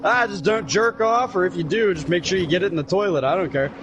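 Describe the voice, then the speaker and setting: A man voicing his gruff, foul-mouthed dad, blunt and laid-back, swearing freely. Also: high voice, fast, dull audio, background noise, natural voice.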